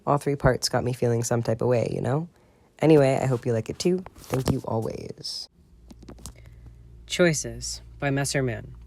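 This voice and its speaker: A man narrating a fan fiction audiobook expressively, with chatty asides to listeners. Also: medium pitch.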